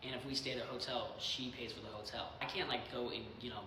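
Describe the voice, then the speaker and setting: A man's voice: mid-range voice, steady tone, quick pace. A teenage young man explaining his side casually and hesitantly, with many fillers. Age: teens. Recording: echoey hall with background noise.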